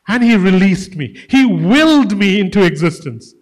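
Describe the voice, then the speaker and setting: A man's voice: sits high, very animated, a little slow, long reverb tail. A male preacher giving a sermon, emphatic, repeating key phrases and calling his listeners guys.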